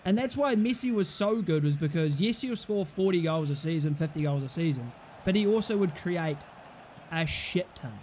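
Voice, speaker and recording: A young man with a fairly high voice talks through a football video game. He is blunt and mocking and swears freely. A faint background hiss sits under his voice. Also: lively intonation, moderate pace, darkish tone. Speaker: gaming streamer. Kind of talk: casual football game commentary.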